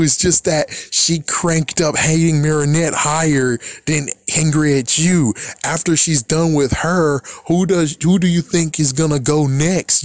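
In a dry recording, a man with a fairly high voice casually recaps a cartoon episode. He comments with exasperation and swearing, frequently laughing at the characters.

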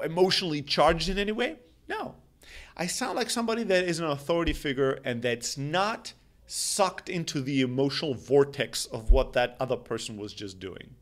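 A man coaching salespeople in an emphatic, animated talk to camera, repeating his key phrases. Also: on the high side.

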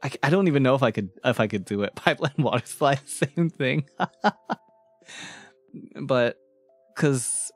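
A man chatting casually on a live stream, playful and quick to laugh, shifting his voice from bright to low. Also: expressive, dry recording, soft background music.

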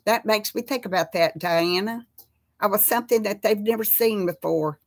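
A woman's voice: medium pitch, moderate pace. A woman hosting a casual live chat, talking with viewers and reading out their names. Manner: chatty, reads out viewer names.

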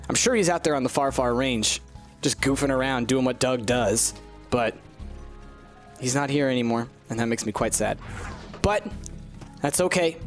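Chatty man narrating gameplay. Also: mid-range voice. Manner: animated, chatty, coos at game creatures. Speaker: let's-play host. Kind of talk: casual gameplay commentary.

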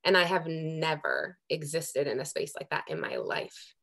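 Earnest young woman, low voice. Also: wildly swooping pitch, normal speed, vocal fry, a bit bright. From Amherst, Massachusetts. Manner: earnest, emotional, many restarts and "like". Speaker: working group co-chair. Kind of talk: heartfelt remarks at a public meeting.

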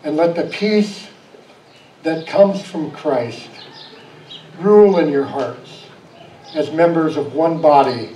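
A man preaching a storytelling sermon, moving from animated anecdote to soft reflection. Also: on the high side, takes it slowly, pauses often, a little hiss or hum. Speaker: pastor. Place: church sanctuary. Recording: echoey church room, voice from far off.

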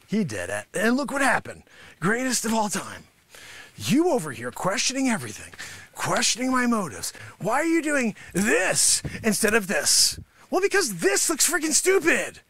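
A man voicing a loud, boastful karate master who berates his class and hard-sells his secret move. The voice sits very high with a gravelly edge and bright, sharp tone, swinging wildly in pitch. It is recorded dry and close, like a comedy sketch monologue. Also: wildly swooping pitch, normal speed, no echo, heavily acted. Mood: indignant. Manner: brash, scolding, mocking, salesman patter. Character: boastful greedy male karate sensei, middle-aged, abrasive. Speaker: comedy show host. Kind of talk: improvised comedy character monologue.

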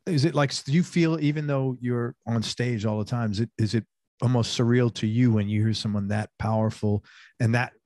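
A man's voice: medium pitch, fairly even intonation, a little fast, warm tone, no room sound, clean studio sound. A man hosting an interview, asking enthusiastic, rambling questions in a casual way. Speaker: interview host.

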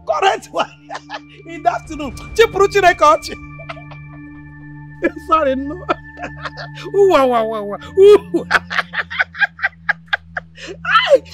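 A woman's voice: sits high, fairly bright tone, full character voice. An actress with a Nigerian accent playing an older mother who scolds and mocks her son, laughing between taunts. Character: mocking scolding Nigerian mother, loud and gloating.

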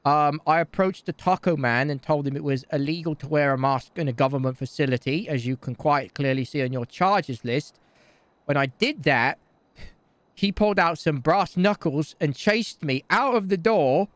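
A man's voice: on the high side, no room sound. A man talking brashly and crudely in rambling bursts as his character in improvised game role-play.

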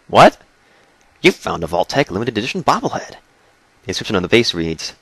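A man's voice: medium pitch, big pitch swings, a little fast, fairly bright tone, breathy edge, no echo. A man giving joking, sarcastic commentary over a video game, with his voice cracking. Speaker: let's play commentator. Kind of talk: jokey gameplay commentary.

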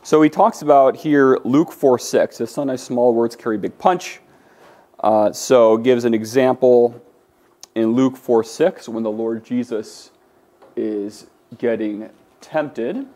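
A man's voice: mid-range voice, slow, dark tone. A man teaching a Greek class, lecturing in a conversational way with many fillers and restarts. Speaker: Greek instructor.

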